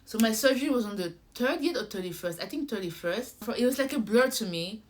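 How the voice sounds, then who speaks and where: A young woman vlogger telling a personal story in a casual, animated way, acting out conversations and talking straight to her viewers. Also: fairly high pitch, fairly quick, slight background noise. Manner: animated, acts out conversations, addresses viewers directly.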